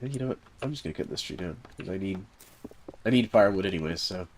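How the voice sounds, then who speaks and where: A Southern US man with a somewhat low voice hosts his own game stream. He chats casually as he plays, wandering through stories full of fillers and chuckling along the way. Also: expressive, quick pace, slight background noise. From Southern United States. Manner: rambling storyteller, heavy fillers, chuckles through his tale. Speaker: game streamer and server host. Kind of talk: casual chat while gaming on a live stream.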